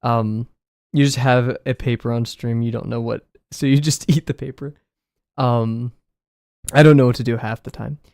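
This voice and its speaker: A man's voice: medium pitch, steady tone, moderate pace, vocal fry, a little mellow, no echo, studio quality. A man chatting loosely and self-deprecatingly on a drawing livestream, his voice a little scratchy today. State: slightly scratchy voice. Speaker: art livestreamer. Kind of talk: casual live-stream chat while drawing. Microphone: desk mic, no camera.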